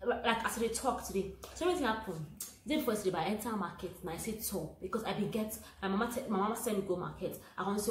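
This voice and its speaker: A young Nigerian woman telling a comic market story in pidgin, animated and acting out the voices of the people in it. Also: medium pitch, rapid-fire. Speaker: comedy vlogger. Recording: echoey room with faint noise.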